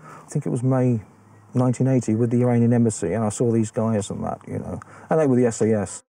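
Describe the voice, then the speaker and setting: A man's voice: mid-range voice, steady tone, fast talker, warm tone, a little hiss or hum. A man who is a former special forces soldier, speaking bluntly and plainly in an interview. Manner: blunt, plain-spoken; barks commands in drills. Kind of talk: interview and field training.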